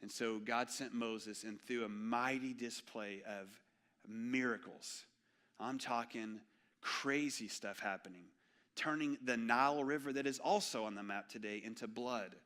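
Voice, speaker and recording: A man, preaching an animated, joking sermon in a church. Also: medium pitch, a little slow. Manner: storytelling, animated and jokey. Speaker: pastor. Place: church sanctuary.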